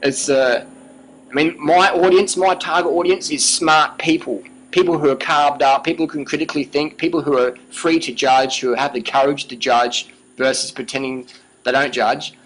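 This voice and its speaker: A man's voice: a little high, fairly even intonation, moderate pace, fairly bright tone, slight background noise, rough recording. A man giving an emphatic, passionate monologue as a vlogger, repeating himself, swearing freely and often asking "you know what I mean".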